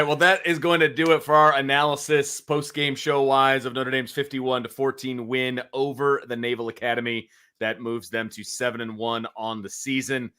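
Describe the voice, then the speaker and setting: A man's voice: mid-range voice, sharp tone, clean tone. A man co-hosting a casual post-game sports talk show, wrapping up and plugging upcoming episodes. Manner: wraps up and promotes upcoming shows. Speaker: co-host.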